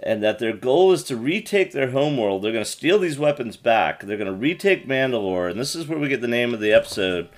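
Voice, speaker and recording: A man's voice: mid-range voice, expressive, a little fast, hardly any pauses. A man co-hosting a podcast, casually retelling episode scenes with quoted lines and jokes. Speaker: podcast co-host. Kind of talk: casual recap chat.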